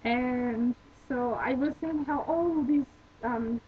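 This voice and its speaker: A woman's voice: sits high, slow. A young woman vlogging, telling her own embarrassing stories in a rambling, chatty way full of "like" and restarts. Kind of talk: casual storytelling vlog. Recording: tinny phone-like sound with faint noise.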